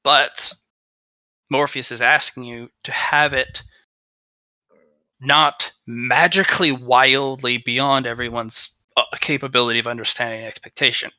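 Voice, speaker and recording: A man running a tabletop game as game master, narrating in an animated, jokey way. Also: medium pitch, unhurried, dry recording, poor audio.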